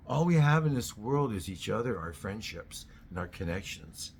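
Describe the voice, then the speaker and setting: Blunt, low-voiced ranting man. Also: sing-song, normal speed, vocal fry, few pauses, slight background noise. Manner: blunt, profane, swings to loud outbursts. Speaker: host. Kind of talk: ranting monologue.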